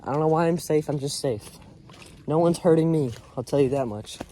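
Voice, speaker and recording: A man's voice: a little high, fairly quick, warm tone, a little hiss or hum. A young man giving a rambling, earnest pep talk full of crude slang while walking through the woods, recorded on a phone. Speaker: vlogger. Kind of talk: casual vlog chat on a walk. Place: outdoors in woods. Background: faint birds and insects.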